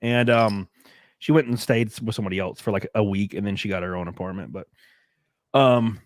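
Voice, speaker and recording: A man's voice: fairly low pitch, brisk, slight background noise. A man in his thirties hosting a podcast, telling a personal story in a candid, rambling way with lots of fillers. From United States. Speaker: podcast host. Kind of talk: casual chat.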